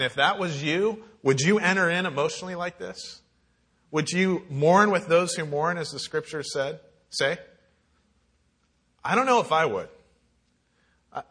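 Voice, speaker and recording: A man's voice: fairly high pitch, sharp tone, breathy edge. A young adult man giving a conversational, earnest sermon as a campus minister, reading scripture aloud and reflecting on it.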